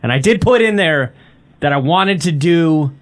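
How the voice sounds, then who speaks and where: A man's voice: fairly high pitch, lively intonation, normal speed. A man co-hosting a casual sports podcast, joking and swearing through banter about bets. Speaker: podcast co-host.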